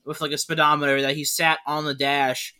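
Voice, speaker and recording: A man chatting on a podcast, his voice bright and a bit high. He rambles through road-trip anecdotes, leaning on "like" constantly. The talk is loose and casual. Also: flat delivery, fairly quick, smooth. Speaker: podcast co-host. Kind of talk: casual chat.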